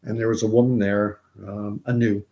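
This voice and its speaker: A man's voice: lowish voice, flat delivery, normal speed, dark tone, highs cut off. A middle-aged man from Canada, hosting casual commentary in a rambling way with many restarts and repeated words. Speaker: host.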